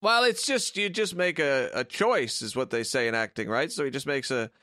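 A man's voice: mid-range voice, moderate pace, pushed and bright, no room sound, studio quality. A man co-hosting a podcast in casual chat, blunt, opinionated and sweary. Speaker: podcast co-host.

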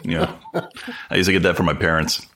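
A man's voice: little pitch movement, fairly quick, bright, forceful tone, slight background noise. A man co-hosting a pop culture podcast in casual, jokey banter, often joking around with his co-host. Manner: jokey, playful, slips into mock-deep radio voice.

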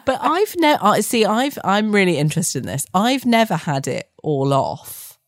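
A woman's voice: medium pitch, big pitch swings, moderate pace, dry recording, clean studio sound. A British woman hosting a podcast, chatty and playful, often giggling. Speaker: podcast host. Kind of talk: casual podcast chat.

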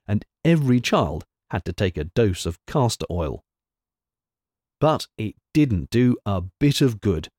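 A man narrates a storybook with expressive, animated delivery. His pitch rises and falls a great deal at a middle height, and the sound is dry and close. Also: no echo. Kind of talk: storybook reading.

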